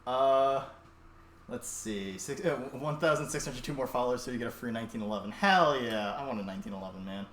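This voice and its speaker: A young man cooks at home during a livestream, chatting in a loose, profane, rambling way. His voice is medium-pitched and fairly bright, a little fast, heard through a distant mic in an echoey room with faint noise.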